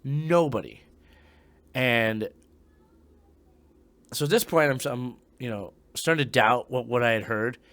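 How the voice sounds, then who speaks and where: A young man, a former Marine, telling a ghost story in a casual, profane way, dropping to hushed tones and breaking into loud bursts. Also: mid-range voice, a little slow, long pauses, no echo.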